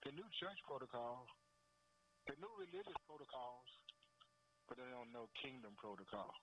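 A man's voice: medium pitch, huge pitch swings, normal speed, vocal fry, fairly bright tone, a little hiss or hum, low-quality recording. A man preaching a sermon with fervor, repeating phrases and peppering his lines with "boy" and "man", chuckling now and then.

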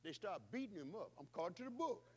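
High-voiced preacher, rhythmic sermon. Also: male voice, sing-song, fast, slight background noise. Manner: rhythmic preaching, swings between loud calls and hushed passages; repetitive, call-and-response phrasing. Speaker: pastor.

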